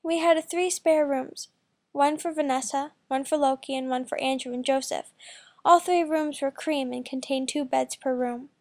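A woman reading a first-person fan fiction story aloud in a plain, quick way. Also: high-pitched, steady tone. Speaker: story reader.

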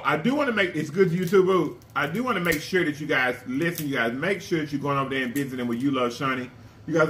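A man's voice: a little high, pushed and bright, a little hiss or hum. A man hosting an eating vlog, talking playfully to his viewers between bites. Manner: playful, addresses viewers as y'all, food-filled pauses. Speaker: mukbang vlogger. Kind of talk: casual chat while eating on camera.

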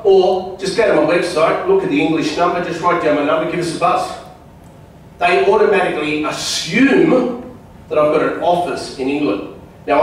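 A man's voice: on the high side, a little hiss or hum. A man giving a chatty seminar talk to a club audience, often quizzing them with questions. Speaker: guest speaker at a club meeting. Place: meeting room at a club. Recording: echoey room, distant mic.

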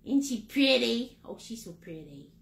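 A woman's voice: on the high side, big pitch swings, a little slow, creaky. A middle-aged woman teaching a live paint-along class, playful and chatty, with pet names and silly sound words. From Maine, United States. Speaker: painting instructor.

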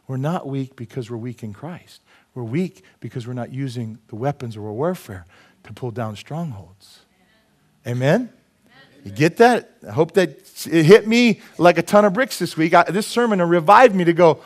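A man with a notably high speaking voice delivers a sermon from the pulpit. He is animated, dropping into low confiding asides and then bursting out in loud exclamations and acted-out voices. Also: fairly quick. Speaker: pastor.

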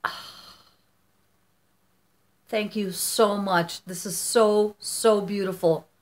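A woman's voice: medium pitch, steady tone, drawn-out words. A middle-aged woman from the United States chatting casually on her vlog as she opens fan mail, gushing and rambling with many restarts. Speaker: vlogger.

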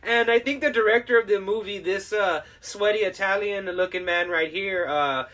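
A man's voice: high voice, normal speed, sharp tone, a little hiss or hum. A man hosting a podcast, giving a casual, profane and sarcastic film review with frequent laughter. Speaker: podcast host.

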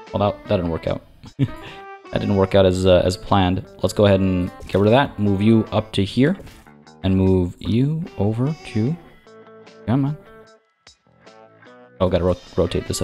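A man's voice: low-pitched, mellow. A man hosting a let's play, chatting and thinking aloud as he plays, often poking fun at himself. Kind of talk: game commentary.

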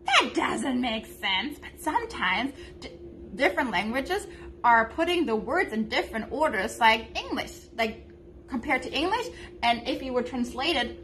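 A woman teaching young children, speaking slowly and simply, with frequent pauses and ums. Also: fairly high pitch, fairly bright tone, slight background noise. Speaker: preschool teacher. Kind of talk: slow, gentle lesson for young children.

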